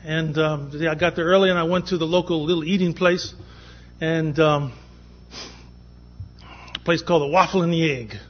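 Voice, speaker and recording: A man speaks at a conference panel in a slightly high, husky voice, spinning a personal story and playing out each line of dialogue. The recording is dull and lo-fi, like an old conference tape. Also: steady tone, normal speed, long pauses. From from Boston. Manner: anecdotal, acts out dialogue in quotes.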